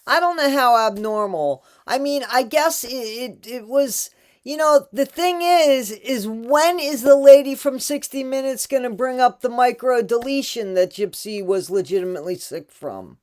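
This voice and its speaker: A woman's voice: on the high side, normal speed. An American woman making sarcastic, mocking asides as she comments on a TV clip for her reaction video.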